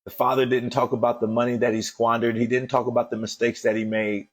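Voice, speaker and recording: A man's voice: mid-range voice, flat delivery, fast talker, breathy edge. A man giving an emphatic motivational sermon as host of a daily show, repeating phrases as he builds to fervent calls to action.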